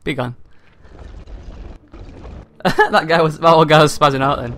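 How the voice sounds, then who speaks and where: A man's voice: a little high, a little slow, fairly bright tone. A young man doing joking, self-mocking commentary over a game he is playing, laughing often. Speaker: let's play gamer.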